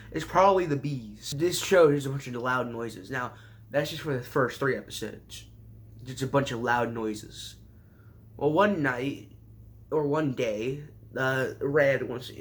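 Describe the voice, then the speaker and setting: A man recapping an anime season in a sarcastic, rambling way, with sudden jumps in pitch. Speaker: anime reviewer.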